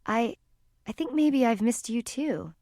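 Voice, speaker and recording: A woman's voice: on the high side, animated, a little slow, dark tone, no room sound, clean studio sound, pitched above the performer's own voice. A woman voicing a shy, curious teenage girl in an audiobook, speaking hesitantly. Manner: hesitant, slightly nervous speech. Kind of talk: audiobook character reading.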